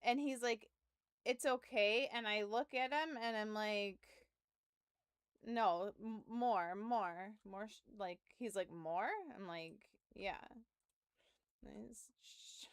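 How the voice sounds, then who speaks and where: Slow-talking woman streamer, swearing storyteller. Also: medium pitch, smooth, no room sound, studio quality. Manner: animated storytelling with laughs and profanity. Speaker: game streamer. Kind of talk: casual stream chat, storytelling.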